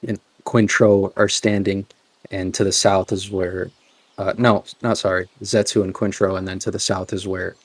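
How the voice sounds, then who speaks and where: A man narrating as game master of a tabletop game, halting with many fillers and restarts. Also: sits low, husky.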